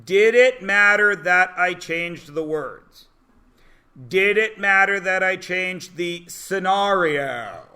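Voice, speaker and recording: A man teaching a math class, animated and joking, explaining word problems and telling stories to his students. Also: high-pitched, takes it slowly, smooth. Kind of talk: classroom lecture.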